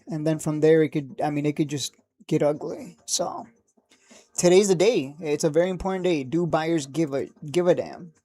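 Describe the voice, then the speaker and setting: A man hosting a stock trading livestream, talking casually and excitably, rambling, cursing now and then, and laughing at his own jokes. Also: a little high. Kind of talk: live market commentary.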